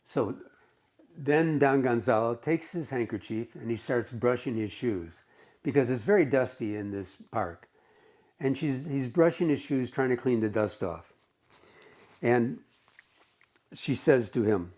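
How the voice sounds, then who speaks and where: A man's voice: medium pitch, lively intonation, unhurried, pauses often, darkish tone. Chatty man teaching a story lesson. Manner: conversational, with frequent "okay" checks. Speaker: English teacher. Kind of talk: explaining a story in a recorded lesson.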